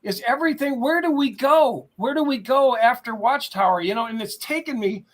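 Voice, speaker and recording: A man's voice: very high-pitched, normal speed. A man speaking as a guest on a call-in talk show, telling a personal story in an earnest, heartfelt way and repeating words as he searches for them. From United States.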